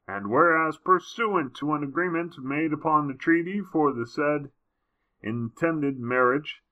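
A man putting on a pompous noble voice to read an old marriage contract aloud, slow and stately. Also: sharp tone, highs cut off. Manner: slow, stately, raised pitch.

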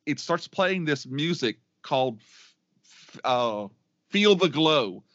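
A man's voice: a little high, animated, slow pace, fairly bright tone, no room sound. A middle-aged man co-hosting a podcast in casual chat, rambling and enthusiastic, with many restarts. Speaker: podcast co-host. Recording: dry, dull lo-fi sound.

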